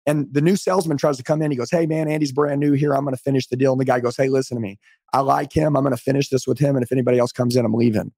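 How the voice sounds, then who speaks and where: A man's voice: mid-range voice, fairly even intonation, rapid-fire, mellow, no room sound, studio quality. A middle-aged man telling his story as a podcast guest on a call, emphatic and motivational. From United States. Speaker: podcast guest, sales trainer. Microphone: remote call.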